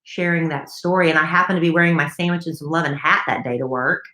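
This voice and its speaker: A woman's voice: sits low, quick pace, a bit bright, reverberant. A woman co-hosting a podcast, reading listener mail in a chatty, enthusiastic way. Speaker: podcast co-host.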